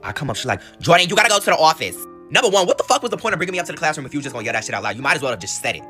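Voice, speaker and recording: A young man telling a school story in a casual, animated and profane way, rambling off on side notes. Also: medium pitch, very fast, faint music behind.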